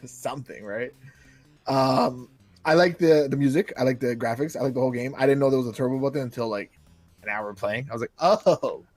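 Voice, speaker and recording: A man's voice: medium pitch, a little fast, a little mellow, dry recording, faint music behind. A man co-hosting a casual podcast, talking about games in a laid-back way, trailing off and swearing lightly. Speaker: podcast co-host.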